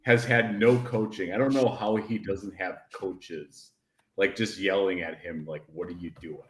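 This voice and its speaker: A man's voice: sits low, fairly even intonation, measured pace, reverberant. A man co-hosting a casual livestream chat, rambling and emphatic, often breaking into laughter. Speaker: podcast co-host.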